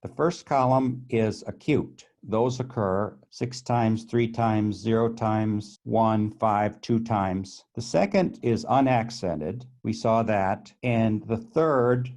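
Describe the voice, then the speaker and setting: A man with a lowish voice teaches grammar from tables he points at. He talks methodically and often restarts his phrases. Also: slow pace, few pauses, darkish tone. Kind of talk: explaining on-screen tables.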